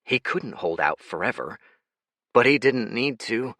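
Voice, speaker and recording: A man narrating a fast-paced action audiobook in a dramatic, animated reading style, close to the mic. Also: mid-range voice, dry recording.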